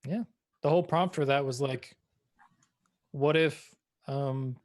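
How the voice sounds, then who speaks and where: A man's voice: medium pitch, fairly even intonation, slow pace, darkish tone. A man playing in a tabletop game, chatting casually and rambling with lots of fillers. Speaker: player and composer. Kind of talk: casual chat.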